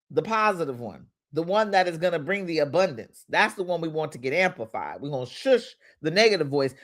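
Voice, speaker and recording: A woman's voice: fairly low pitch, fairly bright tone. A woman life coach giving a playful motivational talk, laughing often and shushing for emphasis.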